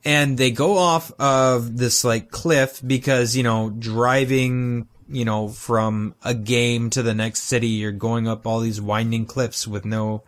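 Brief: man, podcast co-host, mid-pitched, jokey and lively in casual chat. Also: takes it slowly, few pauses. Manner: joking, animated retelling of cartoon scenes.

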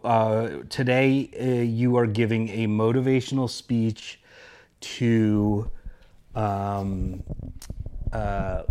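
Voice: medium pitch, a little mellow. A podcast host casually setting up improv comedy scenes. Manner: casual, chatty, loose setups.

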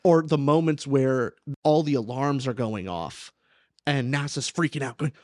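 Young man, podcast host, animated, casual chat, dry close-mic sound. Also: medium pitch, unhurried, no room sound. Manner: animated, acts out quoted characters. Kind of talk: casual book discussion.

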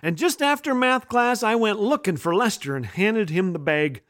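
A man's voice: high-pitched, animated, normal speed, fairly bright tone. A man hosting a humor show, reading his own children's story aloud with a playful, jokey delivery. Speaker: host and storyteller.

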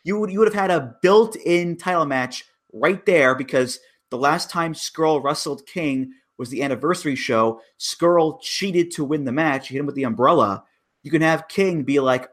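A man's voice: on the high side, normal speed. A man co-hosting a podcast in casual chat, laying out opinions and stressing key words. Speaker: podcast co-host.

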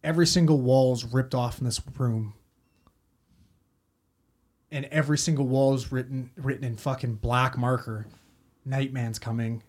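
A man's voice: mid-range voice, fairly even intonation, moderate pace, long pauses, a little mellow. A man, a paramedic telling a story in casual talk, rambling and swearing a lot. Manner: heavy swearing, rambling with fillers.

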